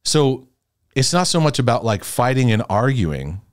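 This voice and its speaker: A man's voice: mid-range voice, big pitch swings, moderate pace, dry recording, studio quality. A man hosting a podcast, talking in a candid, reflective way with frequent hesitations and restarts. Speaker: podcast host. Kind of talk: candid conversational podcast talk.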